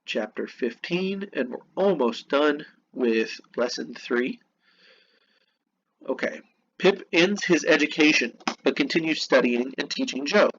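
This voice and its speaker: A man's voice: a little high, animated, unhurried, fairly bright tone. A man reading lesson notes aloud and explaining them with casual, chatty asides. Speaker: teacher. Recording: dull lo-fi recording with faint noise.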